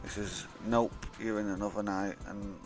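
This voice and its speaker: A man's voice: fairly low pitch, little pitch movement, moderate pace, soft background music. Sweary young guy telling a story. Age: young adult. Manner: blunt, sweary, rambling. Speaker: vlogger. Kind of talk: casual storytelling.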